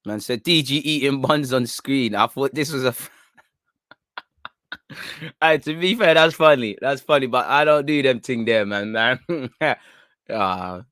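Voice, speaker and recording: A man's voice: mid-range voice, lively intonation, measured pace, long pauses, fairly bright tone, smooth, dry recording. A young man chats casually with his livestream audience. He teases viewers in street slang and laughs easily. His mid-range voice sounds dry and close, with no room around it. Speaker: football channel host.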